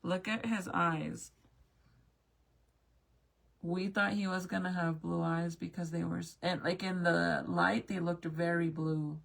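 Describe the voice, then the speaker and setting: A woman's voice: fairly low pitch, flat delivery, measured pace, creaky. A young woman chatting casually with viewers as she looks back through old family photos, swearing now and then. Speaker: mom vlogger.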